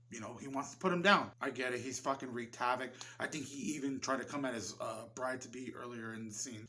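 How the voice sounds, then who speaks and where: A man's voice: mid-range voice, a bit bright. A man giving a casual film review, rambling loosely and swearing freely. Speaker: movie reviewer.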